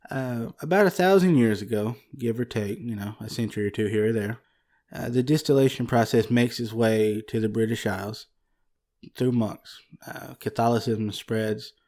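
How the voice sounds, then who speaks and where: A man's voice: medium pitch, normal speed, a little mellow. A man co-hosting a casual podcast, telling history in an easygoing way and laughing often, at a desk microphone. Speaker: podcast co-host.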